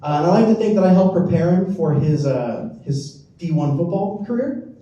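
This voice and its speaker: Self-deprecating stand-up comic, roomy club. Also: male voice, high-pitched, expressive, normal speed, warm tone, dull audio. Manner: self-deprecating, rambling with fillers. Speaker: stand-up comedian. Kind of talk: stand-up comedy set. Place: comedy club stage. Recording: roomy, distant club recording. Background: audience laughter.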